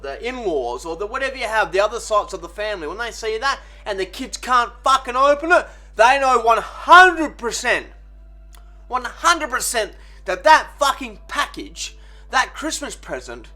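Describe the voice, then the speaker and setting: Sweary man, high bright voice. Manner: sweary, rambling, deadpan mock advice. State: hungover. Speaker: vlogger. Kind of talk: comedic how-to vlog.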